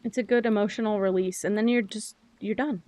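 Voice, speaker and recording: A woman's voice: medium pitch, a little fast, no room sound. Chatty young woman streamer. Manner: chatty, animated, self-described loud and yappy. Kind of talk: casual chat while gaming.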